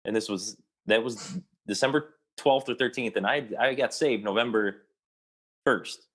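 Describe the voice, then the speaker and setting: A man's voice: mid-range voice, unhurried, a bit bright, slightly rough. A young adult man, an actor, telling a long personal story in a casual interview and rambling with many restarts.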